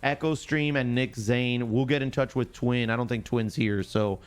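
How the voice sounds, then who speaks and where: A man's voice: medium pitch, fairly even intonation, moderate pace, clean tone. A man hosting a live stream, casually chatting, joking and teasing viewers by name as he explains a picks game. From United States. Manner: joking, teases chatters, greets them by name.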